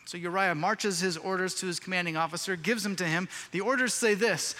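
A man's voice: high voice, fairly quick, few pauses, bright, forceful tone. A male pastor preaching a sermon, telling a scripture story in a casual, slangy way. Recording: reverberant hall.

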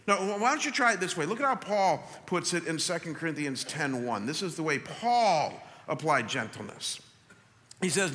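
Animated preacher in a reverberant hall. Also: male voice, on the high side, brisk. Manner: animated preaching, addresses congregation directly. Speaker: pastor. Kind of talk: sermon.

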